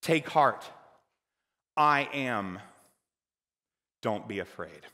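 A man preaching a sermon as pastor, dynamic, moving between loud emphatic lines and quiet, hushed ones. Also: mid-range voice, lively intonation, very slow. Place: church hall. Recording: church hall with long reverb.

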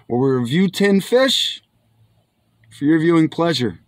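Excited man reviewing canned fish. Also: a little high, unhurried, pauses often, dry recording. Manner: enthusiastic, keeps saying "my friends"; exclaims while tasting. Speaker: food reviewer. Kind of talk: casual food review vlog.

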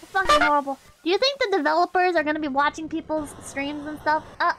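A woman's voice: high-pitched, quick pace, fairly bright tone, slight background noise. A woman streamer giving casual, brash game commentary, swearing often and laughing a lot.

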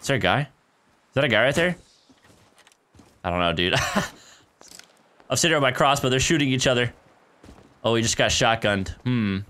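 A male streamer talks through a shooter game in a bouncy, swooping voice of middling pitch. He is chatty and easily excited, laughing often and tossing out "dude" and "guys" as he plays at his home setup on a desk microphone. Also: moderate pace, pauses often. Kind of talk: casual live gameplay commentary. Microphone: desk microphone near a keyboard.

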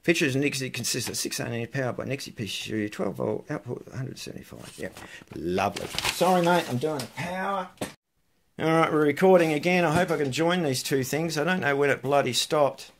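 A man's voice: on the high side, lively intonation, brisk, vocal fry. A man chatting casually while unboxing parcels for his vlog, muttering asides to himself between remarks. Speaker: electronics hobbyist vlogger.

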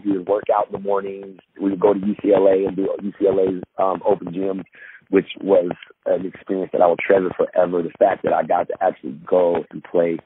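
A very deep-voiced man tells a long sports story, circling back and restarting, then acting out the lines of the people in it. His voice comes through a thin, phone-like line with a faint hiss behind it. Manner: rambling and animated, full of restarts, acts out quotes. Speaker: guest, former pro basketball player. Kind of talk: storytelling in a podcast interview.

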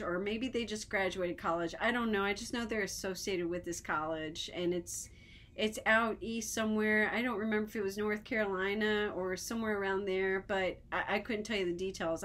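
A woman chatting casually to camera, telling funny stories with lots of fillers and restarts, and often laughing. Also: medium pitch. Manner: giggly, animated, breaks into laughter. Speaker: vlogger.

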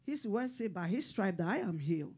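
A woman's voice: medium pitch, lively intonation, brisk, darkish tone, slightly rough. A middle-aged woman pastor preaching a sermon in short, fervent, repeated declarations.

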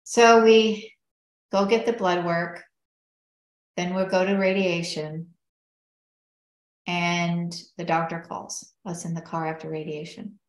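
A middle-aged woman with a lowish voice recounts her own story in an earnest, reflective way. She talks it through as a guest and quotes what others said along the way. The room around her is noticeably roomy and echoey. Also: flat delivery, slow, long pauses. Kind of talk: personal storytelling in conversation. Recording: roomy echo.

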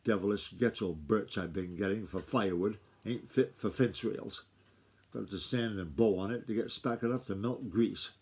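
Man voicing a sharp older country housekeeper, curt and scolding, husky. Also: lowish voice, normal speed. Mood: sniffy. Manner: curt, scolding, rustic speech.

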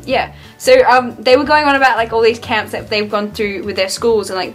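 A woman's voice: on the high side, steady tone, fairly quick, soft background music. A young woman with an Australian accent, chatting casually and rambling with lots of fillers as a vlogger. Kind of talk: casual chat.

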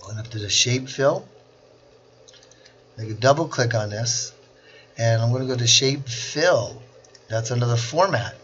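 A man at a mid-range pitch narrates a screen-recorded software lesson, slow and deliberate as he walks through every step. The sound is dull and lo-fi, with a faint hiss behind it. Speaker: instructor.

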